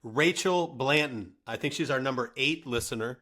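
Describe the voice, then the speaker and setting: A man in his forties co-hosting a casual podcast, eagerly giving a chatty listener shout-out. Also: medium pitch, moderate pace. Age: 40s. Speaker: podcast co-host.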